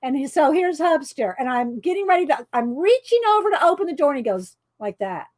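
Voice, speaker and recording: Middle-aged woman, higher voice, loud chatty storyteller, laughs a lot. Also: very animated, brisk. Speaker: coloring video host. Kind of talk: casual chat while coloring.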